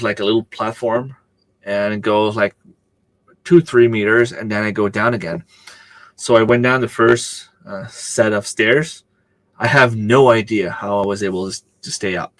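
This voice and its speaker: A man chats loosely on a live stream, rambling from one story to the next and replying to viewers' comments. His voice sits a little low, and the sound is close and dry with almost no room around it. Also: steady tone, moderate pace, a bit bright, no room sound. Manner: rambling, chatty, answers viewer comments aloud. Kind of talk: casual live-stream chat.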